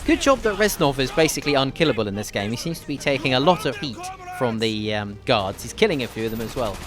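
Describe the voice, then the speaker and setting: A man commentating a war game playthrough and weaving in history, chatty and jokey with dry asides. His pitch moves lively up and down, and faint game music runs underneath. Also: fast talker. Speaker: history podcast host. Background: game gunfire and faint music.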